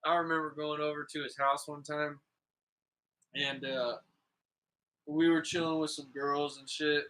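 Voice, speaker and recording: A man's voice: on the high side, flat delivery, a little slow, a bit bright, rough recording. A man hosting a podcast, telling stories in a loose, casual way, swearing freely and filling his talk with "like" and "you know". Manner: laid-back, profane, calls people "bro"; rambling, full of "like" and "you know". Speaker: podcast host. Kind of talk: casual storytelling chat.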